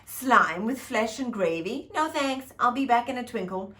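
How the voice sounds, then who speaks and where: A woman's voice: a little high, animated, moderate pace, a bit bright. A woman voicing a half-deaf old female fairy who mishears everything and grumbles. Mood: muddled.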